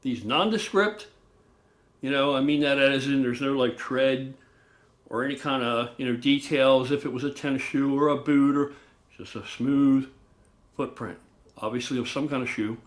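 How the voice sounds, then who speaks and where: A man casually recounting a true ghost story, animated, acting out loud booms and swearing now and then. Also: moderate pace. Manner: animated, loud booming sound effects, swears.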